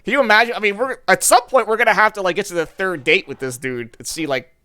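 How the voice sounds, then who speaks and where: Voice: mid-range voice, quick pace, sharp tone. A live streamer reacting to a dating game with rambling, profane, stammering asides.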